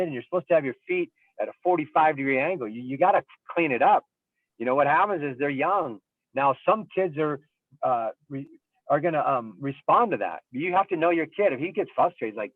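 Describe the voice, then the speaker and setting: A baseball coach and scout in a casual panel discussion, explaining thoughtfully with everyday examples and frequent ums. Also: male voice, a little high, animated, a little fast, no echo. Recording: tinny phone-like line, dry.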